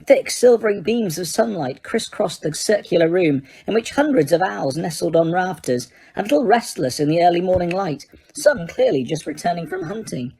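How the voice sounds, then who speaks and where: A woman narrating an audiobook in a steady reading voice, sometimes correcting a slipped word. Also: lowish voice, normal speed, few pauses, slightly rough.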